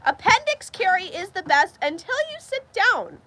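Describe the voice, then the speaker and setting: Bright, chatty young woman on a livestream. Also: very high voice, expressive, moderate pace, long pauses, slight background noise. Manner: chatty, laughs often, reads viewer comments aloud. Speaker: livestream host. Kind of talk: casual livestream chat. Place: farm barn with rain outside. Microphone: phone livestream.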